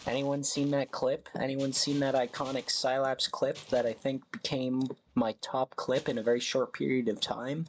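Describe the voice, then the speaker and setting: A man's voice: mid-range voice, level tone, moderate pace, hardly any pauses, slight background noise. A man streaming a survival game, chatting casually and correcting himself as he rambles. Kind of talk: casual live game commentary.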